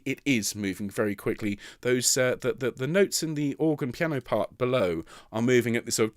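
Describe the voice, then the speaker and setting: Over loud music, a man with a mid-range voice talks animatedly and briskly, with few pauses. He's guiding tenors through an online rehearsal, explaining notes, counting them in and singing example phrases to encourage them.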